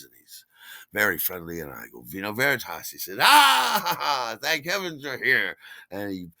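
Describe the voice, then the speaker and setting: Low-voiced man telling a rambling story. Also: no room sound. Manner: rambling, animated, acts out others' shouts. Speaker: podcast storyteller. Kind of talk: casual spoken memoir.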